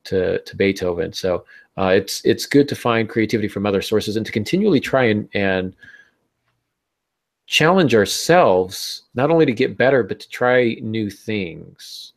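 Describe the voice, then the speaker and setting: A man co-hosting a podcast about writing, chatting casually, cracking easy jokes and speaking haltingly with many fillers. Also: lowish voice, lively intonation, gravelly. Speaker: podcast co-host.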